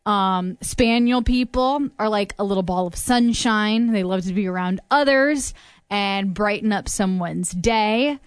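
Steady woman radio host. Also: medium pitch, measured pace, smooth, no room sound, clean studio sound. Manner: steady, reads out items conversationally. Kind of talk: casual radio chat.

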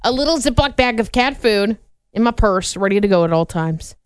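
An easygoing woman co-hosts an afternoon radio podcast in casual chat. She banters in a self-deprecating way at a middling pitch. Her voice sounds close and dry in the studio. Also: expressive, normal speed, clear, resonant tone, no echo. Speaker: radio co-host.

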